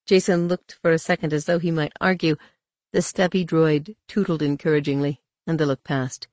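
A narrator giving a steady, even reading of an audiobook. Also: medium pitch, moderate pace, no room sound, clean studio sound. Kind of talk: scripted narration.

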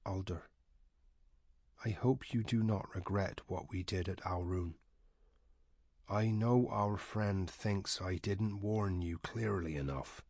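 Man reading a calm, mild male wizard, very hushed, low-pitched, dry close sound. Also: slow, dry recording. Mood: gentle. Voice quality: quiet, mild. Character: soft-spoken middle-aged male wizard, mild and calm.

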